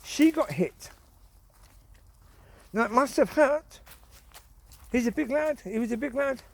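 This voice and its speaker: A man's voice: very high voice, expressive, slow, gravelly. A man, rambling in a casual commentary while out walking his dogs in the woods. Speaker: vlogger. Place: outdoors in rural woods.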